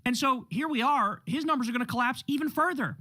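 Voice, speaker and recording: A man hosting a political talk show, giving fast, indignant, profane commentary. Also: extremely high pitch, pushed and bright.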